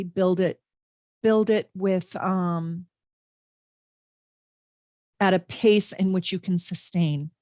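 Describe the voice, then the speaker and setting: Middle-aged lady doing a live tarot stream from home, chatty, lowish voice, dry close sound. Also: no echo. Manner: chatty, warm asides to viewers, frequent fillers. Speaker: astrologer and tarot reader, livestream host. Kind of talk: casual live tarot reading.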